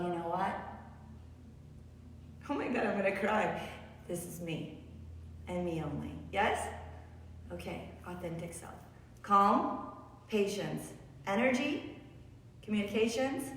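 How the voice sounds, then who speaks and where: A woman teaching a beginner yoga class on a live stream, encouraging and often checking in with her students. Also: mid-range voice. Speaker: yoga instructor. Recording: roomy echo, distant mic, faint room noise.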